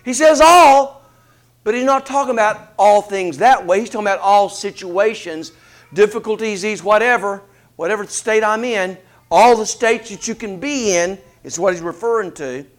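A man preaching a sermon, asking rhetorical questions in an animated delivery. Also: high voice, normal speed.

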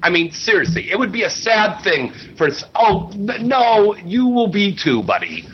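A man's voice: very animated, normal speed, fairly bright tone, dull audio, a little hiss or hum. A man hosting a live panel talk show, joking and teasing his guests. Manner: joking, teasing, wildly swinging pitch.

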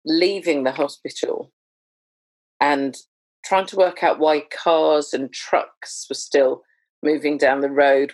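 A woman, a doula, chatting as a podcast guest in a lively, humorous storytelling way. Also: low-pitched, no room sound. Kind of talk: conversational storytelling.

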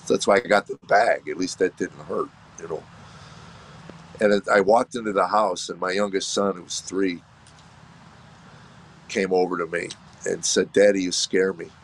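A middle-aged man, a comedian, telling his personal story in an earnest, reflective way, halting and restarting. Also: sits low, slightly rough. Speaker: comedian guest.

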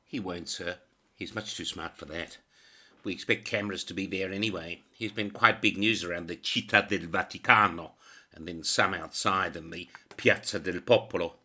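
A man's voice: deep voice, fairly even intonation, moderate pace, pushed and bright, full character voice. A man playing a composed, respectful police detective who speaks precisely. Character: cool, polite male police detective.

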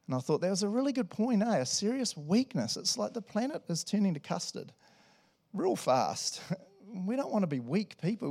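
A man's voice: on the high side, vocal fry, a little mellow. A New man preaching a sermon at a church service, chatty and enthusiastic, with lots of asides and "eh?" tags. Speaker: pastor.

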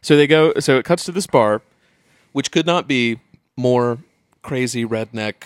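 A man's voice: mid-range voice, measured pace, clear, resonant tone, no echo, clean studio sound. A man casually recapping a movie scene by scene, rambling, laughing often and dropping into brief mocking voices. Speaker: podcast co-host.

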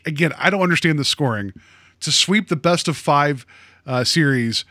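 A man's voice: a little high, fairly bright tone, no echo. Rambling man with a dry close sound. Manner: rambling, filler-heavy with many "like"s. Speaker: podcast co-host. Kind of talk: casual chat.

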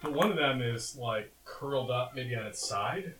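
A man's voice: mid-range voice, animated, moderate pace, fairly bright tone, reverberant, far from the mic, soft background music, poor audio. A man running a tabletop western game as game master, narrating loosely with many fillers.

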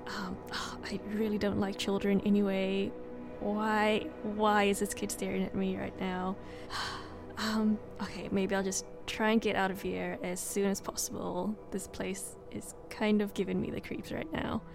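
This is a woman playing a tabletop role-play game. She speaks hesitantly and politely, with plenty of ums and pauses. Her voice sits at a middle pitch. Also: flat delivery, vocal fry, music in the background. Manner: hesitant and polite, with many fillers. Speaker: player.

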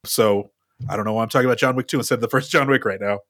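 A man's voice: fairly low pitch, racing, fairly bright tone, dry recording, studio quality. A man co-hosting a movie podcast, musing thoughtfully in casual chat. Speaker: podcast co-host.

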